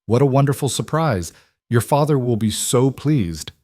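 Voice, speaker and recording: A man's voice: mid-range voice, animated, normal speed, a little mellow, dry recording, studio quality, voice pushed up, lightly acted. A man voicing a polite, smiling older housekeeper who gushes over guests. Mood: welcoming. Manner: gushing, polite.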